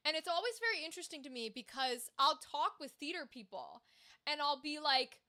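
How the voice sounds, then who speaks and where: High, bright-voiced American woman streamer. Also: moderate pace. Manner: chatty and animated, reads viewer comments aloud, swears casually. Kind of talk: casual livestream chat.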